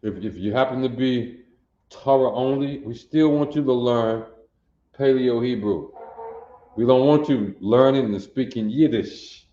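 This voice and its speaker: A man's voice: medium pitch, a little slow, warm tone. A man teaching a language class, repeating words and drilling pronunciation insistently. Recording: echoey, dull lo-fi room.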